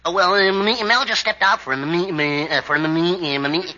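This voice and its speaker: An actor playing a nervous young shop helper who stutters heavily and giggles, in a vintage radio comedy. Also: male voice, sits high, fairly quick, sharp tone. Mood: flustered. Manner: heavy stutter, giggly and flustered. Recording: muffled hissy old radio recording.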